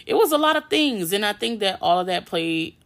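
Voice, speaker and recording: A woman's voice: medium pitch, a little fast. A young adult woman hosting a podcast, telling a personal story in a candid, casual way with lots of swearing. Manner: candid and heavy on swearing, with animated retellings. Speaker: podcast host.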